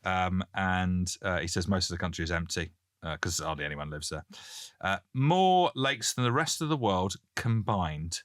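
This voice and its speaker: British man, very deep voice, bright tone, joking podcast co-host. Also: lively intonation, moderate pace, dry recording, studio quality. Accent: British English. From Britain. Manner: jokey, reads listener messages aloud. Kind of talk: casual podcast chat. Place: Canada.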